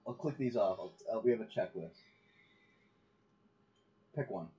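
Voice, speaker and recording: A man's voice: on the low side, animated, a little slow, mellow, breathy edge, highs cut off. A man co-hosting a casual podcast, rambling and arguing with a laugh. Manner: rambling, argumentative, laughs a lot. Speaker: podcast co-host. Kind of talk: casual chat.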